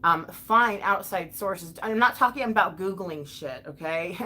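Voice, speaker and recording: A woman's voice: lowish voice, measured pace, bright, forceful tone. A woman ranting on a casual livestream vlog, heated and profane, with many fillers and restarts, talking straight back to her viewers. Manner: talks back to viewers directly. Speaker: livestream vlogger reading chat.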